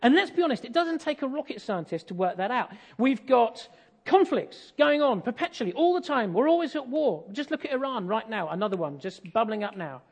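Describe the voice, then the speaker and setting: A man's voice: very high-pitched, sing-song, brisk. An English man preaching a sermon, telling a family story in a conversational way with self-deprecating humour.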